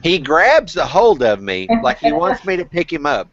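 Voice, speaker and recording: A man's voice: on the high side, big pitch swings, moderate pace, fairly bright tone, dry recording, dull audio. A man hosting a casual group chat, telling candid, profane stories full of restarts. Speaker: vlog host.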